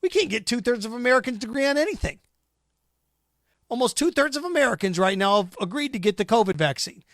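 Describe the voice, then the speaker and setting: A man's voice: extremely high pitch, expressive, fast talker, fairly bright tone, dry recording, studio quality. A man hosting a sports talk show, ranting sarcastically and mocking imagined fans. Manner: combative, sarcastic, mocks imagined callers in put-on voices. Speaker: sports radio host. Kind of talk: opinionated sports talk monologue.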